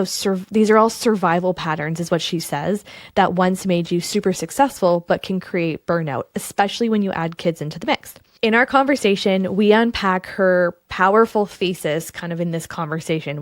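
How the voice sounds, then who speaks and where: A woman's voice: on the low side, dry recording, clean studio sound. Chatty, enthusiastic woman podcast host. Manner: chatty and enthusiastic, with informal asides. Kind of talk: solo podcast introduction.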